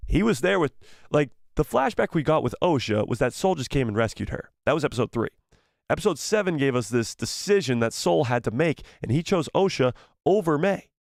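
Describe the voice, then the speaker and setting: A young man hosting a casual live stream, reading viewer messages aloud in an animated, playful way and sometimes stumbling over the words. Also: fairly high pitch, a little fast, creaky, dry recording, clean studio sound.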